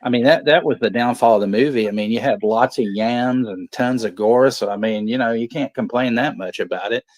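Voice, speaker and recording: A man's voice: mid-range voice, brisk, few pauses, no room sound. A man co-hosting a casual movie watch-along, rambling and crude, laughing often. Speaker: podcast co-host.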